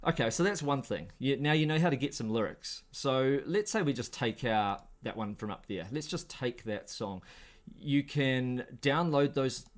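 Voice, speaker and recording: A man hosting a casual screen-share tutorial, relaxed and thinking aloud as he clicks through steps. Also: mid-range voice, creaky. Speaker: host.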